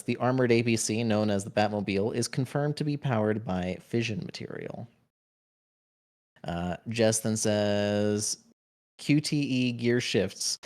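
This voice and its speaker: A man streams a game and reads out his viewers' chat one message after another. His delivery is casual and playful, with quick joking asides between the read-outs. His voice sits in an ordinary middle pitch. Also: darkish tone.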